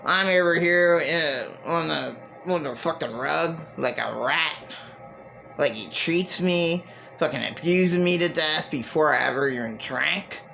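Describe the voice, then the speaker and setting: A woman's voice: low voice, a little slow, creaky, fairly bright tone, faint music behind, poor audio. A middle-aged woman giving an emotional monologue to camera, agitated and profane, repeating herself and restarting her sentences. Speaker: vlogger.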